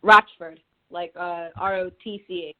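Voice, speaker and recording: A woman's voice: mid-range voice, brisk. A young woman from Connecticut, a singer-songwriter, chatting in a phone interview, laughing easily and often restarting her sentences. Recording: tinny phone line.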